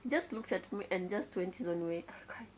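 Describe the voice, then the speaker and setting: A woman's voice: lowish voice, brisk, slight background noise. Chatty Kenyan woman telling a story. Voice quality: mixes in Swahili words and exclaims "kai" often. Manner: confiding, chatty retelling to viewers. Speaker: vlogger. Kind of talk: casual storytime monologue.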